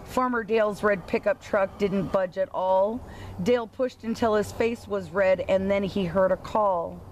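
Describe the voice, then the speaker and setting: A woman reading a children's picture book aloud, slow and playful, lifting her voice for the animal lines. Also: mid-range voice, darkish tone, a little hiss or hum. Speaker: storybook reader.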